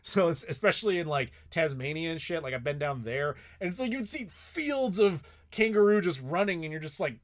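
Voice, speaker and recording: A man talks through viewer questions on a live stream in a loose, meandering way. His voice sits slightly high for a man, and he swears casually and pads his sentences with fillers. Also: expressive, a little fast. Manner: rambling, swears freely, many "like" fillers. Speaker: streamer answering chat questions.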